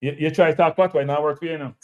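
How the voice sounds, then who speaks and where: Jamaican man hosting a football talk show, slightly high voice, emphatic and repetitive. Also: fairly even intonation, racing, narrow, tinny audio. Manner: repetitive, emphatic, addresses viewers as people. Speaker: host of a live football show. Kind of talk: casual football analysis chat.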